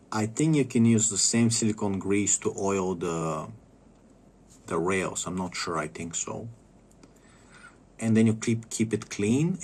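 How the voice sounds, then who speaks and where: Male, husky low voice, loose rambling casual chat, profane and halting. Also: a little mellow. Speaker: streamer giving car tips.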